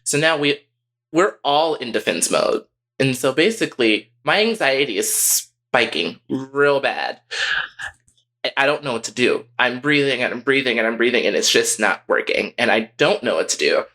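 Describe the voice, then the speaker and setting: Lively, bright-voiced young man. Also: mid-range voice, normal speed. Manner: profane, animated retelling. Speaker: podcast co-host. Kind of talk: candid storytelling.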